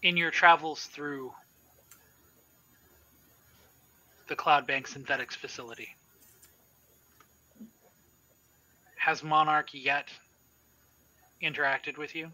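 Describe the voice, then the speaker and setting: A man's voice: fairly high pitch, steady tone, bright, forceful tone, poor audio. A man voicing a solemn, ominous Minotaur. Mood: measured. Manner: measured, solemn pronouncements. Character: captive male Minotaur-like creature, calm and ominous. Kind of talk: tabletop role-play voicing.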